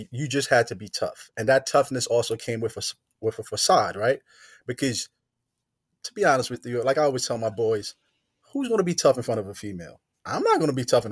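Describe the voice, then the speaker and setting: A man's voice: medium pitch, no room sound, studio quality. A man guesting on a podcast, telling stories in casual chat and acting out the voices of the people he quotes. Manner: animated, acts out quoted voices.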